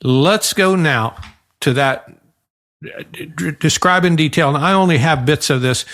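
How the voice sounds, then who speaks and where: A male podcast host with a slightly high voice. He draws out the guest's story with slow, careful prompts. His tone is that of a conversational interviewer. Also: a bit bright.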